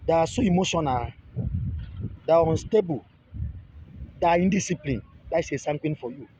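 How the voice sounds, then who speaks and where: A man's voice: fairly high pitch, lively intonation, brisk, warm tone, slight background noise. A man, teaching in a casual monologue, often repeating and restarting phrases and pleading with viewers. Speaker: relationship video creator. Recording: dull lo-fi audio.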